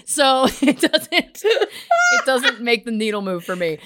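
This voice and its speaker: Animated woman telling a story. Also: high voice, slow, noisy background. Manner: animated, acts out quoted voices, laughs often. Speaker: podcast co-host. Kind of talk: casual storytelling chat. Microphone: remote call.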